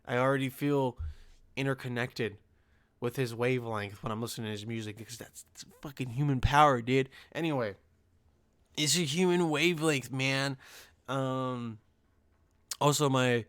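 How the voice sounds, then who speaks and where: Smooth-voiced, foul-mouthed male podcast host. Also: mid-range voice, normal speed, pauses often, a bit bright, dry recording. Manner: profane, rambling, full of fillers and restarts. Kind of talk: casual rambling monologue.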